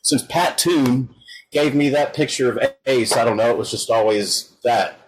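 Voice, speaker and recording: A man's voice: mid-range voice, normal speed, a crowd in the background, poor audio. A man who is a guest musician, rambling through stories with lots of "like" and "you know.". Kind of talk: casual interview chat.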